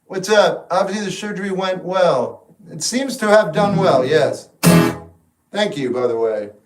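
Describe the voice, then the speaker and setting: A man hosting a livestream, answering chat questions in a relaxed, frank, musing way. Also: high voice, measured pace. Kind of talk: casual live chat. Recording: echoey room, mic at a distance. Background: guitar music in the background.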